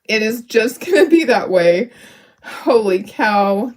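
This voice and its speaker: A woman's voice: a little high, lively intonation, measured pace. A woman hosting a live crafting demo, talking herself through each step, upbeat and self-deprecating, laughing often. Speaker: craft livestream host.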